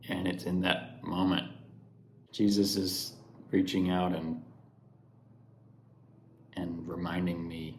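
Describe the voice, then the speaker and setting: Deep-voiced earnest man in a roomy space. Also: monotone, takes it slowly, pauses often. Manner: earnest, conversational, many restarts and fillers. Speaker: devotional speaker. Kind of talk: personal devotional reflection. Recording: roomy echo, faint background noise.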